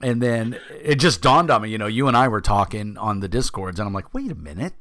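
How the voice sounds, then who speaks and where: A man's voice: lowish voice, expressive, a little fast, hardly any pauses, a bit bright, no room sound, studio quality. An older man with a Brooklyn accent hosting a casual interview over a video call, joking, cursing and rambling as he talks. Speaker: podcast host.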